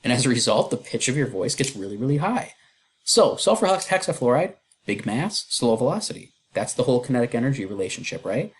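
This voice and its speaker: Working through problems in a recorded chemistry lecture, a man talks in a relaxed, chatty manner, full of fillers and self-deprecating asides. He has a mid-range voice with big pitch swings, a fairly quick pace and a breathy edge.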